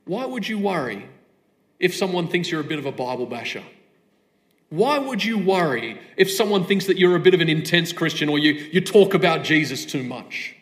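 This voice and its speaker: A man's voice: fairly high pitch, lively intonation, moderate pace. A man preaching a sermon, asking a string of rhetorical questions with emphatic stress.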